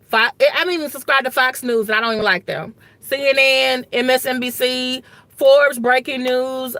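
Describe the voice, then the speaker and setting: A woman's voice: fairly high pitch, bright, forceful tone, no room sound. A woman who teaches history and government, giving casual political commentary straight to her viewers in a rambling, exasperated way, saying "y'all" often. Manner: colloquial, says "y'all".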